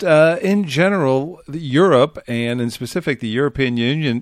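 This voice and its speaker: A man in his fifties hosting a radio news interview, putting brisk, formal questions to his guest. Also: mid-range voice, dry recording, clean studio sound. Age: 50s. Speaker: radio host.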